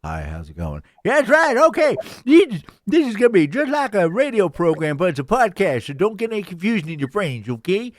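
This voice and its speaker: A man's voice: sits high, huge pitch swings, fairly quick, hardly any pauses, no echo, clean studio sound. A man putting on a folksy, rambling old-timey Southern announcer who introduces the podcast with a drawl. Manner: drawling, hokey, rambling, addresses "boys and girls". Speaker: show introducer.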